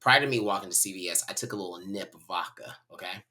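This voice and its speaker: A man from North Carolina, a podcast guest telling a personal story in a candid, animated way. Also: low voice, fast. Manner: animated, candid, talks to listeners as y'all.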